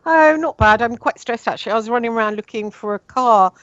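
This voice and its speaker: A woman's voice: fairly high pitch, quick pace, a bit bright, no echo, lo-fi sound. A woman with an English accent hosting a radio show, chatting casually and with some exasperation, with many fillers.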